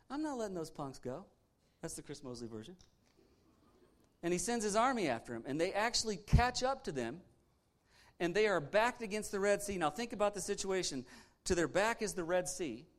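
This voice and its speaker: A pastor, a man whose voice sits slightly high, delivers a lively sermon. He speaks in punchy bursts, mocks complainers in quoted asides and keeps asking the congregation rhetorical questions. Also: normal speed. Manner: animated, punchy preaching with mocking asides and sarcastic quoted voices.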